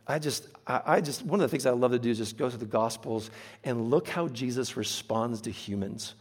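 A man preaching a sermon, earnest and emphatic, slowing down to stress key phrases. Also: medium pitch, breathy edge.

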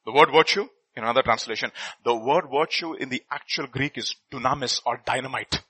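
A man preaching a sermon, reading scripture and swinging from loud bursts to quiet asides. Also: medium pitch, a little fast, husky, rough recording.

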